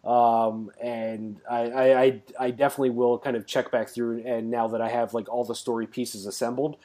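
A man's voice: mid-range voice, flat delivery, moderate pace, mellow. A man co-hosting a podcast in casual chat, rambling along with many fillers and restarts. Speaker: podcast co-host.

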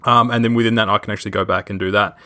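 Lowish voiced guy on a podcast, laughs a lot, trips over words. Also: steady tone, racing, bright, forceful tone. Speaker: podcast co-host. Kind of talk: casual chat.

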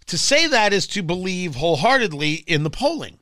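A man's voice: high-pitched, very animated, brisk, bright, forceful tone, dry recording, studio quality. A man hosting political talk radio, emphatic and sarcastic, sometimes mocking other voices. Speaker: radio talk show host.

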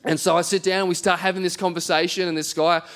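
High-voiced pastor preaching. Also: male voice, level tone, fast talker, fairly bright tone. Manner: conversational, self-deprecating, acts out quoted voices. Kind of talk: sermon with storytelling. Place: church.

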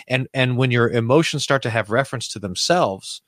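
A man's voice: medium pitch, lively intonation, brisk, few pauses, fairly bright tone, dry recording. Reflective male pastor telling stories. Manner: storytelling, reflective, frequent restarts. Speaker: pastor, guest. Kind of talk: conversational podcast interview.

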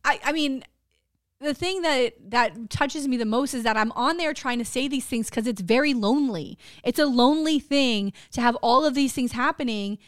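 A middle-aged woman co-hosting a chatty podcast, talking candidly and swearing without a second thought. Her voice sits a little high, and the recording is close and dry, with no room echo. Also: normal speed. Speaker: podcast co-host. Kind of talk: casual chat.

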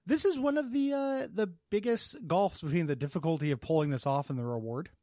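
A man's voice: a little high, a little fast, mellow, dry recording, clean studio sound. A man co-hosting a podcast in casual comedic banter, rambling loosely with crude jokes. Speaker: podcast co-host.

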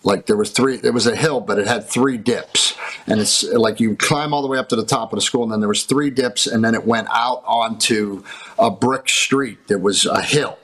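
Animated storytelling man from Pittsburgh. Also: lowish voice, normal speed, breathy edge, poor audio. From Pittsburgh area, USA. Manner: animated storyteller who laughs between lines. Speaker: actor guest. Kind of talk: casual talk-show storytelling.

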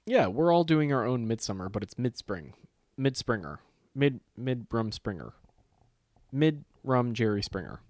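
A man's voice: medium pitch, a little slow, no room sound. A man co-hosting a casual chat, telling stories with acted-out quotes and plenty of swearing. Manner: animated storytelling, swears freely, acts out quotes.

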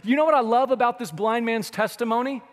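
A man pastor preaching a sermon, animated, swinging from loud to hushed, with sarcastic asides. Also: extremely high pitch, fast talker, long reverb tail.

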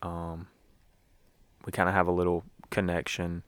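Deep-voiced young man rambling casually. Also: completely flat delivery, a little slow, smooth, dry recording, clean studio sound. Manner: rambling, many fillers and restarts. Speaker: sports fan. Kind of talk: casual game recap.

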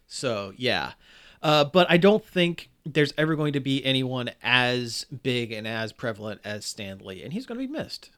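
A man hosting a casual podcast chat, telling stories with lively enthusiasm and plenty of fillers. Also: medium pitch, normal speed, smooth.

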